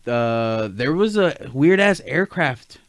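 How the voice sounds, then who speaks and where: A man chatting casually with a friend, relaxed, saying "dude" and cursing. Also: medium pitch, slow, no echo. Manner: relaxed, swearing, frequent "yeah, dude". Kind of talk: casual chat.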